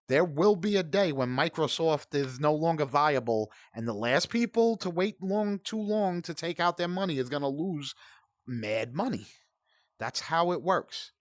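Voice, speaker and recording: A man's voice: fairly high pitch, dry recording, clean studio sound. A man in his forties hosting a gaming channel, ranting in profane, heated, rambling commentary. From United States.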